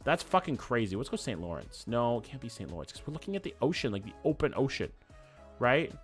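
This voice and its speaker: A man's voice: mid-range voice, very animated, fast talker. A young man, chatting casually with his live-stream chat while playing a guessing game and thinking aloud. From Canada. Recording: dry close mic with faint background music.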